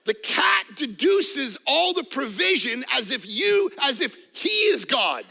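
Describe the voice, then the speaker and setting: A middle-aged man preaching a sermon as a pastor, animated, acting out little voices and jokes. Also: very high voice, measured pace, creaky, slightly rough. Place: church auditorium.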